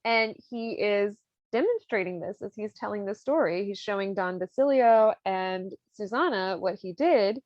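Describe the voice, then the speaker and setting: A woman's voice: medium pitch, normal speed, few pauses, a little mellow, no room sound. A young woman hosting a podcast, retelling a story in a casual, irreverent way with slang and the odd swear word. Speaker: podcast host. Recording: dry, slightly dull lo-fi sound.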